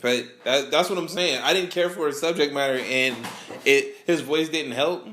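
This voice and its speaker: Young guy podcast host, kinda high voice, loose slangy chat, laughs a lot. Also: moderate pace, fairly bright tone. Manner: laid-back, slangy, laughs often. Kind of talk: casual chat.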